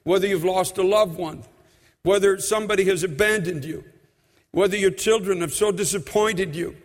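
A man preaching a sermon in a church, impassioned, slowing and stretching words for emphasis. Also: sits high, long reverb tail. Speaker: pastor. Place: church sanctuary.

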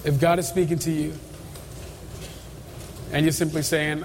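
A man's voice: a little high, flat delivery, a little slow, long pauses, a little hiss or hum. A middle-aged male pastor giving an altar call and leading prayer, earnest and pleading, often repeating phrases. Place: large church sanctuary. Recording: reverberant hall with faint ambience.

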